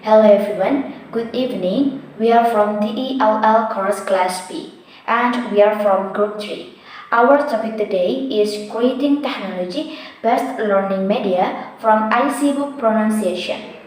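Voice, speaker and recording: A woman's voice: mid-range voice, measured pace. A young woman with an Indonesian accent, reading out a class presentation as a student presenter. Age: young adult. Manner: reads names and lists in a steady rhythm. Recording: strong echo.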